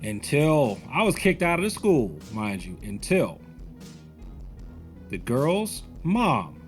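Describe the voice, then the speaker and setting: A man's voice: mid-range voice, very animated, takes it slowly, faint music behind. A man in his forties, a martial arts instructor, telling a personal story in a conversational, rambling way. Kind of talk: storytelling commentary.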